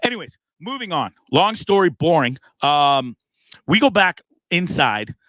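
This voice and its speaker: A man hosting his own live show, telling a long story in a casual, animated way, acting out the other people in it and swearing freely. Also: fairly high pitch, a little slow, dry recording. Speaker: host.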